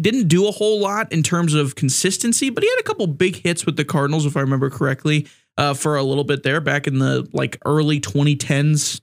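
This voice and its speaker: Male sports podcast host, slightly high voice, loose rambling delivery with sarcastic asides. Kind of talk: casual sports talk.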